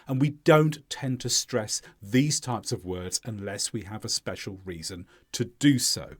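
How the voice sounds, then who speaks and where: A man teaching an English pronunciation lesson, clearly and deliberately modeling stressed words for learners to repeat. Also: on the low side.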